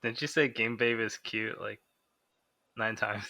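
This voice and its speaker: A man's voice: on the low side, steady tone, measured pace, pushed and bright, no echo. A man co-hosting a casual manga chat, laid-back and given to short remarks. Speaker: podcast co-host.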